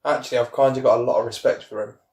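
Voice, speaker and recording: A man's voice: medium pitch, steady tone, very fast, a little mellow, echoey room. A man telling rambling stories in a casual podcast chat. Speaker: podcast host.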